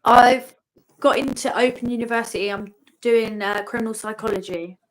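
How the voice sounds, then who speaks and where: A woman with a British accent chatting as a guest on a live stream, excitable and often laughing. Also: fairly high pitch, moderate pace, poor audio. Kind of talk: casual live-stream chat.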